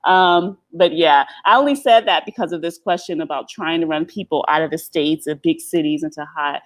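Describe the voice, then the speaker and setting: A middle-aged woman hosting a casual live stream, blunt and animated, laughing often as she chats. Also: deep voice, normal speed.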